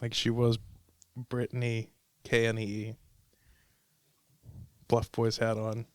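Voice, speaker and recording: A man's voice: mid-range voice, completely flat delivery, slow pace, dry recording. Chatty man, dry close sound. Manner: teasing, chatty. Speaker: podcast host. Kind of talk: casual chat.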